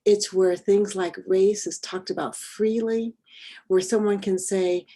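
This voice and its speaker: A woman who is an early childhood education expert, explaining in a measured way on a radio panel. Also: medium pitch, steady tone, dark tone.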